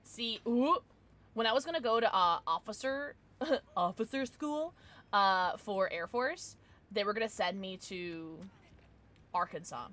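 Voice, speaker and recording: A woman's voice: medium pitch, lively intonation, a little slow, a bit bright. A young woman, streaming a game and chatting casually with her viewers, rambling and swearing as she plays. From Midwestern United States. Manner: chatty, rambling, swears and reads chat aloud. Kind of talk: casual live-stream chat while gaming.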